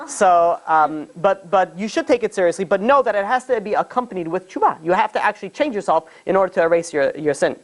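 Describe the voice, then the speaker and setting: A male rabbi telling a story in a relaxed sermon, full of fillers and restarts, with quick put-on voices for the people in it. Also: sits high. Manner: rambling, many fillers, acts out quoted voices.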